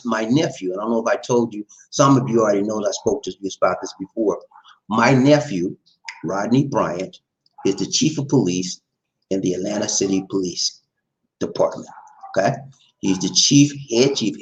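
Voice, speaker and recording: A middle-aged man hosting a casual livestream, with a lively pitch that swoops as he talks. He chats loosely, reads viewer names and laughs often. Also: low-quality recording. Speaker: livestream host.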